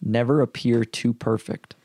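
A man's voice: mid-range voice, steady tone, a little slow, mellow, no echo. A man from Canada co-hosting a casual podcast chat, cracking crude jokes and steering the topics. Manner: joking, leads the topics.

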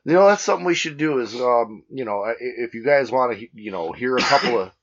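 A man's voice: medium pitch, expressive, fast. A married man co-hosting a podcast in a small home studio, joking crudely and rambling with lots of fillers. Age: adult, married. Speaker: podcast co-host. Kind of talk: casual crude banter. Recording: dull lo-fi recording.

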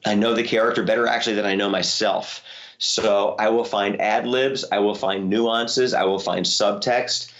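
A man who works as a voice actor, telling lively stories in an interview, his voice leaping high when excited. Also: normal speed, dull audio. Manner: animated storyteller, voice jumps high when excited. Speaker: voice actor guest. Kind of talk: interview conversation.

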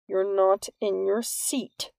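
A woman voicing a harsh, cruel bald male vice principal who speaks slowly and menacingly. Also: mid-range voice, level tone, creaky, a little mellow, dry recording.

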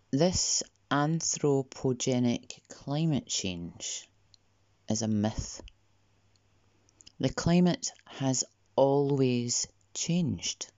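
A woman delivering a podcast monologue in a slow, deliberate way, sometimes dropping to a near whisper. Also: very deep voice, dark tone, dry recording. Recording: dull, lo-fi dry recording.

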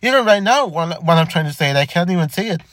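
A young man talking candidly in a halting way, with many stammered restarts. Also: sits high, lively intonation, fairly bright tone, dry recording, clean studio sound. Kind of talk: personal reflective monologue.

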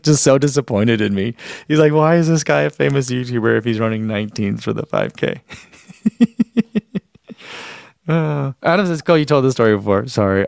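A man's voice: medium pitch, vocal fry, a little mellow, no echo, clean studio sound. A man hosting a running live stream, chatting casually, reading out viewer comments and rambling with self-deprecating laughs.

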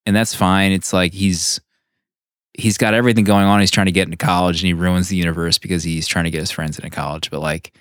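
A man's voice: low-pitched, flat delivery, a bit bright, no echo, clean studio sound. A man co-hosting a podcast, chatting casually and offering opinions. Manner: chatty, opinionated, quick laughs. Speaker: podcast co-host. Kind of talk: casual comic book discussion.

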